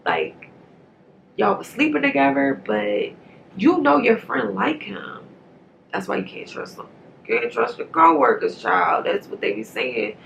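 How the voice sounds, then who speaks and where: A woman's voice: medium pitch, creaky, a little hiss or hum, low-quality recording. A woman giving a casual, rambling movie review straight to camera. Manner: chatty, rambling, animated.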